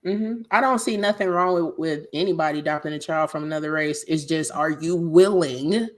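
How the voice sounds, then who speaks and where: A woman's voice: sits low, normal speed. Frank, laughing woman podcast co-host. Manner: frank, profane, laughs often. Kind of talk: casual chat.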